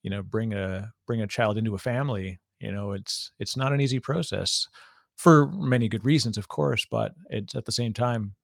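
A man hosting a casual conversation, telling stories with lively acted-out quotes and frequent laughter. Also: fairly low pitch, normal speed, gravelly, no echo, studio quality. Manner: animated storyteller, laughs often, acts out quoted voices. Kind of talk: casual chat.

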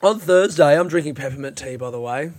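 On a dry recording, a comedian from Australia, young and worn out, yawns and swears his way through a rambling solo podcast while mocking himself. He recorded it on a phone at a friend's hot house, and his voice is high-leaning, expressive, fairly quick and a little mellow.

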